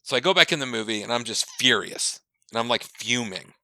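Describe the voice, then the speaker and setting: Brash, bright-voiced storytelling man. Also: medium pitch, fairly quick, creaky, no echo. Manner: animated, profane storyteller who acts out quoted dialogue. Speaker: podcast co-host. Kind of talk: casual chat, long anecdote.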